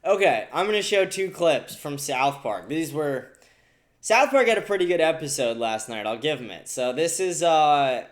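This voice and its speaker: A man's voice: on the high side, animated, normal speed. A man hosting a podcast, ranting profanely and indignantly about the news. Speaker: podcast host. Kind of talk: casual political commentary.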